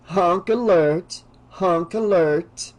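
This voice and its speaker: A man's voice: high voice, drawn-out words, voice pushed up, low-quality recording. A man playing a brash, teasing teenage girl.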